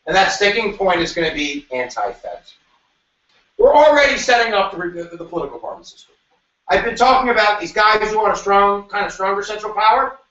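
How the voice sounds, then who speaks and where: A man teaching a review lecture to a class, animated and jokey, with sudden shouts and quick asides. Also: high voice. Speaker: history teacher. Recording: echoey room, mic at a distance, dull sound.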